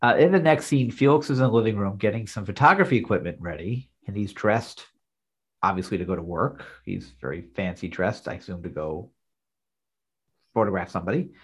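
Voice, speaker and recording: A man's voice: fairly low pitch, fairly quick, slightly rough. A man co-hosting a podcast, recapping a TV episode scene by scene in casual chat. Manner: narrates scenes plainly, then reads lines out. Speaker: podcast co-host.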